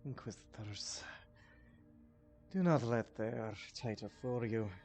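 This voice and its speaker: A man's voice: medium pitch, takes it slowly, a little mellow, soft background music. A man voicing a formal, ominous informant who speaks in grave, old-fashioned phrases.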